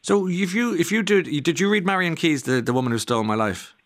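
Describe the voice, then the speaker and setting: A man's voice: on the high side, fast. A man hosting a radio interview, asking rambling questions with many stumbling restarts. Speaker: radio host. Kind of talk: casual interview.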